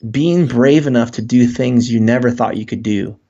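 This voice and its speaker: A man speaks as a guest in an interview, earnest and open, often stumbling and restarting his thoughts. His voice has a gravelly fry and sits at a middle pitch. The recording sounds dull and lo-fi. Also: normal speed, mellow. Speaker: guest author. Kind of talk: reflective interview talk.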